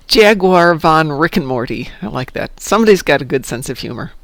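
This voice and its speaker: A man's voice: on the high side, lively intonation, normal speed, vocal fry, a bit bright, no echo. A man streaming an online space game, chatting casually with viewers and making playful sound effects as he plays. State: hiccuping and burping. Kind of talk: casual live-stream chat.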